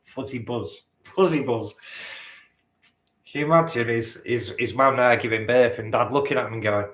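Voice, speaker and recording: A man's voice: mid-range voice, a little slow, long pauses, fairly bright tone. A man hosting a live-stream quiz, bantering with the chat, teasing and swearing casually. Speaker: quiz host. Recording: roomy echo.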